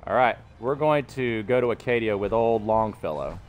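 Soft music plays behind a man whose fairly low voice stays animated at a moderate pace. Narrating his game stream as a pompous cartoon mayor, he rambles in a fake politician voice, the Boston-style accent occasionally turning Brooklyn.

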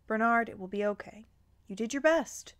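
A woman voicing a calm, reassuring fatherly man. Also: a little high, moderate pace, lightly acted.

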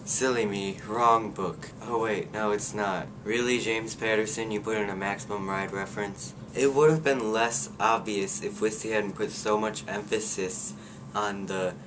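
Teen male book reviewer, slightly low voice, opinionated, sarcastic asides. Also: steady tone, normal speed, noisy background. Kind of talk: casual book review vlog.

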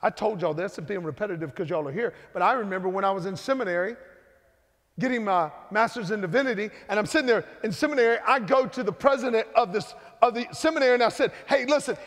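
A middle-aged man, co-pastor of a church, preaching a sermon that swings between loud and hushed. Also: sits high. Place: church sanctuary. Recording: long hall reverb.

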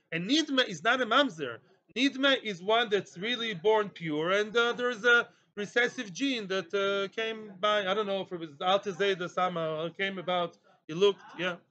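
High, bright-voiced Talmud teacher. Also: male voice, moderate pace, lo-fi sound. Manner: lively, mixes Hebrew and Aramaic terms, jokes with students. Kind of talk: daily Talmud class.

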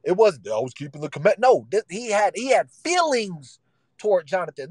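A man's voice: high-pitched, big pitch swings, moderate pace, a little mellow, husky, dry recording, low-quality recording. A man preaching a sermon in casual vernacular, emphatic and repetitive, acting out the voices he quotes.

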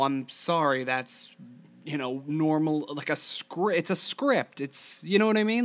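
A man's voice: a little high, a little slow, a bit bright. Rambling man hosting a solo podcast. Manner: rambling, with many fillers and restarts. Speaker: podcast host. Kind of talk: casual solo podcast talk, then reading a screenplay aloud.

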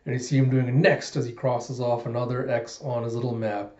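A man's voice: mid-range voice, level tone, brisk, darkish tone. Rambling man recapping a comic. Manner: loose, rambling narration with many fillers. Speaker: manga reviewer. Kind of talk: casual comic chapter recap. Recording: roomy, dull lo-fi sound.

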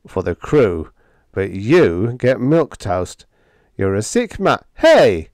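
A man voicing an anxious, petulant male ship's steward with a fussy, hushed manner in a storybook reading. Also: fairly low pitch, big pitch swings, slow pace, no room sound, clean studio sound, exaggerated voice. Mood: smug.

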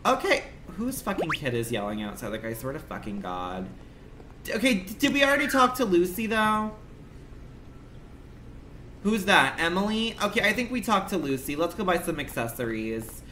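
A man's voice: on the high side, big pitch swings, a little fast, sharp tone, slight background noise. A young man livestreaming a game, rambling in a campy, dramatic, profane way at home. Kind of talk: casual game commentary.

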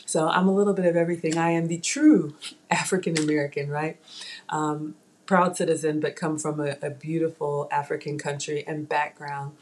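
A young woman with a light Southern US accent, born in Ghana, chats with her viewers while she cooks on a live stream. Her voice sits a little low, and she keeps up an easy, talkative flow. She is recorded on a tablet mic. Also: little pitch movement, moderate pace, a little hiss or hum. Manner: chatty, talks straight to viewers. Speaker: cooking channel host. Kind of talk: live-streamed cooking chat.

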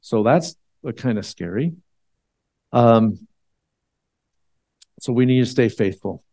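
Male church elder, mid-pitched, dry close sound, chatty sermon delivery with ums and restarts. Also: slow pace, dark tone, dry recording. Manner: conversational, with frequent fillers and restarts.

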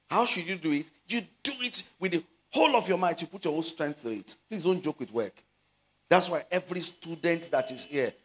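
A middle-aged man with a Nigerian Yoruba accent, preaching a sermon as a pastor, stretching out scripture words and building to loud exhortations. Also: sits high, breathy edge. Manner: slows to stress scripture phrases.

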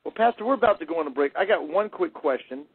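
A man's voice: fairly high pitch, animated, fast talker, husky, no echo. A man hosting a radio talk show, asking blunt questions with a sarcastic edge. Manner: blunt, sarcastic, plain-spoken. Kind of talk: radio interview. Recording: dry, phone-like audio.

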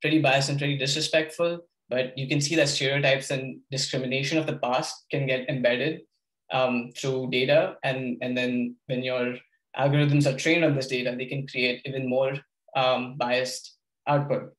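A man's voice: medium pitch, level tone, normal speed, fairly bright tone, reverberant, poor audio. A young man giving an informal workshop lecture, with lots of ums, hesitations and restarts. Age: young adult. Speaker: workshop presenter.

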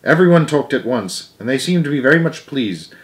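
A man's voice: medium pitch, animated, fairly quick. A man reading a children's book aloud with frequent slips, restarts and chatty asides. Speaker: storyteller.

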